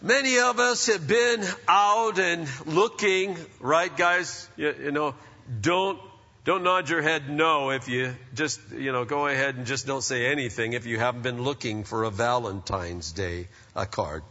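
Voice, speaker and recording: A man's voice: mid-range voice, measured pace, pushed and bright. A man preaching a sermon, a pastor telling jokes and stories to his congregation. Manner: joking, storytelling preacher. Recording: echoey hall, dull lo-fi sound.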